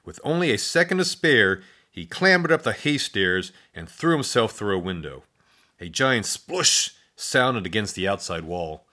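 A man narrating a children's storybook in an expressive, playful read-aloud style with spoken sound effects. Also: lowish voice, a little slow.

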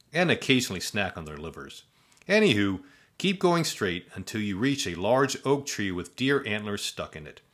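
A man's voice: on the low side, fairly bright tone. A man voicing a friendly, rambling woman zombie who gives long folksy directions in a storybook.

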